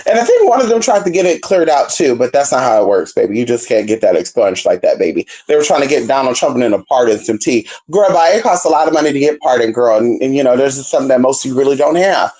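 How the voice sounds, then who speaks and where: Animated and quick, with hardly any pauses and a dark tone, a Californian spiritual reader chats casually with her viewers. She's sassy, calls them baby and girl, and swings between low murmurs and high squeals.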